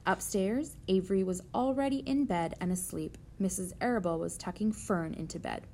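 A woman reading a children's novel aloud in a steady, gentle way. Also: mid-range voice, normal speed, gravelly, slight background noise. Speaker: narrator.

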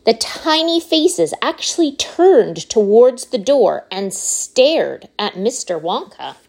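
A woman reading a children's book aloud as narrator, in an unhurried, expressive storytelling way. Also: on the high side, gravelly.

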